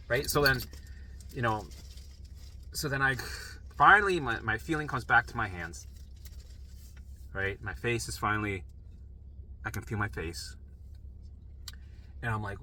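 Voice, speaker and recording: Bright-voiced man telling a frantic story. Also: medium pitch, moderate pace, long pauses, slight background noise, rough recording. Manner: profane, animated, frantic retelling. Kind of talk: personal storytelling monologue.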